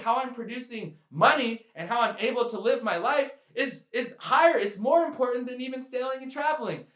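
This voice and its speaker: A man's voice: very high-pitched, a bit bright, roomy sound. A man talking straight to camera on his sailing channel, earnest and heartfelt as he addresses his viewers. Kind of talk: direct-to-camera vlog talk.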